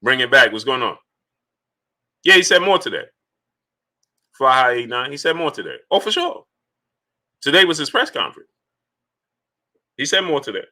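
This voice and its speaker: Male livestream host, very bright tone, loose chatty delivery, mid pitch. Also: sing-song, normal speed, pauses often. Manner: loose and conversational, greets viewers by name, repeats himself. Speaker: livestream sports host reading Super Chats. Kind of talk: casual live-stream talk.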